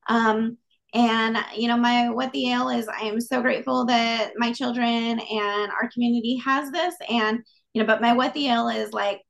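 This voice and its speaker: Gravelly middle-aged woman, podcast co-host. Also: on the high side, fairly even intonation, normal speed, lo-fi sound. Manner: warm, laughing, rambling with fillers. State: a little tired. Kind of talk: casual chat over beer. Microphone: video call.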